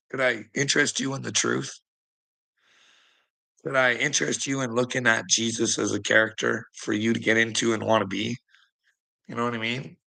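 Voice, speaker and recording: A man rambles through a profane rant at his viewers, calling them out by name between chuckles. His voice is gravelly, with a hard, tense edge, and sits at an ordinary pitch for a man. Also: pushed and bright, poor audio. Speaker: streamer talking to chat. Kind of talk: rambling ranting monologue.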